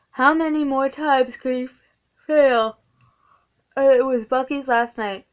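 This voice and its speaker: Woman reading a book out loud, gravelly voice, trips over words and fixes them, dull lo-fi recording. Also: fairly high pitch. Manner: stumbles and corrects herself often. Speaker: reader of a book. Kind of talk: reading a novelization aloud.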